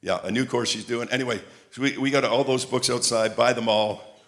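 A man preaching a sermon, telling lively stories and repeating phrases like a chant. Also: medium pitch, fairly quick. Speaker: traveling preacher. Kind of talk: sermon with storytelling.

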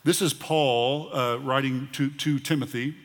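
In a big church auditorium with long, echoing reverb, a middle-aged pastor delivers announcements unhurriedly. His mid-range voice holds a steady tone, though he talks conversationally, often filling and restarting sentences.

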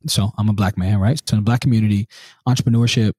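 A man's voice: lowish voice, fast, husky, no room sound, studio quality. A man speaking earnestly as a podcast guest, often checking in with "right?". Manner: earnest, animated, uses many rhetorical "right?". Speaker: interview guest. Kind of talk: podcast interview.

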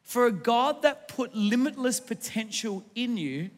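Male pastor, high bright voice, emphatic preaching with hall reverb. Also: animated, unhurried. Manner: emphatic, repeats phrases, asks the congregation questions. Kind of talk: sermon. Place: church.

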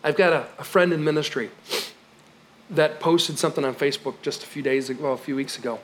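A male pastor preaching a sermon in a conversational, emphatic way, moving from loud exclamations to quiet, low moments with light laughs. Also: steady tone, fast talker.

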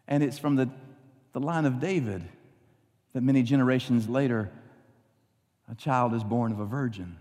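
A male pastor preaching a sermon, emphatic at times and quiet and earnest at others, ending in prayer. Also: a little high. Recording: long reverb.

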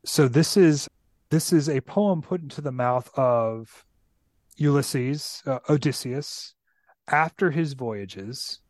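A man talks eagerly about books in a casual podcast chat, often tagging his points with a quick "right?". His voice sits at a middle pitch. The sound is dry and close, with no room echo. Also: darkish tone. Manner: enthusiastic, tags points with "right?". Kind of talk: casual literary discussion.

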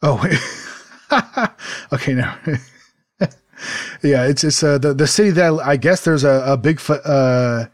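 His voice is on the high side, and he's unhurried, pausing often. He's a podcast co-host chatting casually at home in a desert city, rambling with many fillers and restarts and laughing easily.

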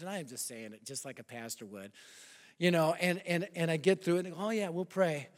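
A man in his fifties preaching a sermon and telling a personal story, animated, swinging between loud bursts and hushed confessional lines. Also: a little high, fast talker. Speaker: pastor. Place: large church hall. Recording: long hall reverb.

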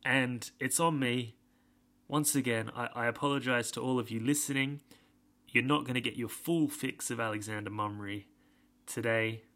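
A man's voice: medium pitch, steady tone, moderate pace, pushed and bright. A young man hosting a podcast, rambling through a sweary, self-deprecating film recap on his own. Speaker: podcast host. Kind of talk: casual recap monologue.

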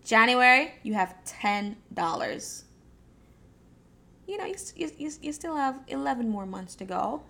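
A woman's voice: a little high, sing-song, measured pace, vocal fry, sharp tone. A woman from Jamaica giving a casual motivational talk on goal setting, talking straight to her listeners with frequent fillers, repeated words and restarts. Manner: encouraging, addresses listeners directly.

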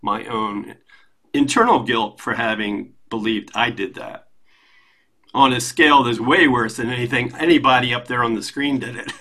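A man with a bright, tense voice speaks up in a group discussion. He is earnest and emphatic and laughs at himself. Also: mid-range voice, normal speed. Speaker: class participant.

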